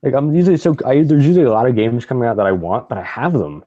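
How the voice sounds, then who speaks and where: A man's voice: mid-range voice, racing, dark tone, dry recording, muffled recording. A man co-hosting a casual gaming podcast, rambling, swearing often and laughing a lot. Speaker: podcast co-host.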